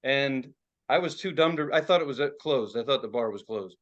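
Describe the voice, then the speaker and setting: A man's voice: medium pitch, animated, fairly quick, lo-fi sound. A man from Philadelphia, co-hosting a podcast and telling a rambling, profane story in casual chat, laughing as he goes. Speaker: podcast co-host.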